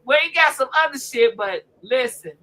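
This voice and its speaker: An older woman hosting a casual live stream, loud and profane, often laughing as she trash-talks. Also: sits high, lively intonation, moderate pace, low-quality recording. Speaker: livestream host.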